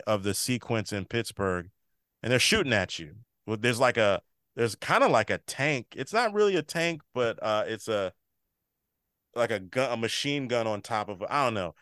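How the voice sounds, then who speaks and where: Smooth-voiced man recapping a show. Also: medium pitch, fairly bright tone, no echo, studio quality. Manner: retells scenes by quoting characters' dialogue; loose, rambling delivery. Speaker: podcast co-host. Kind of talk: casual episode recap.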